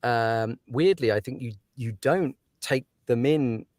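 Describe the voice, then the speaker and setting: A man's voice: medium pitch, slow pace, a little mellow, no echo, studio quality. A man, an audiobook narrator chatting casually as an interview guest, laughing often and trailing off into fillers.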